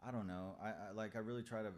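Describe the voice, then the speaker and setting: A man with a very low, deep voice talks through his own story on a podcast, frank and confessional. He stops and restarts often and swears freely. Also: steady tone, fast talker, a little mellow. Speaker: podcast guest. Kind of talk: candid conversational storytelling.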